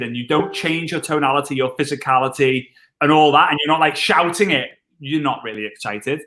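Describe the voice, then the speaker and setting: A man, an energetic and jokey network marketing trainer chatting on a live stream. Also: a little high, brisk. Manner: excitable, jokey, wordplay.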